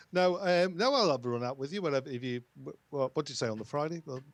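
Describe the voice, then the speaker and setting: A man's voice: fairly high pitch, expressive, fast, no room sound. A man from England with an English accent, calling in and chatting in an easygoing way, often ending with tag questions. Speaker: phone-in caller. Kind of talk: casual chat.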